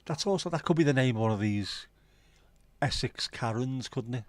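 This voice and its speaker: Expressive and moderately paced, this mid-range male voice belongs to a middle-aged livestream host from South Liverpool with a Scouse accent. He chats casually and tells rambling stories laced with swearing. No room sound is audible.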